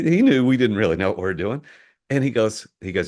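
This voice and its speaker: A middle-aged man from the US, a podcast guest telling a business story in an animated way, often repeating words as he starts a sentence. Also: on the low side, fast. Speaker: entrepreneur guest.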